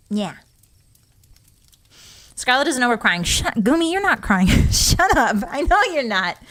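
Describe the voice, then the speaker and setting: A woman's voice: mid-range voice, a bit bright. A young woman streamer chatting casually with her live audience, emotional and giggly as she talks and reads chat.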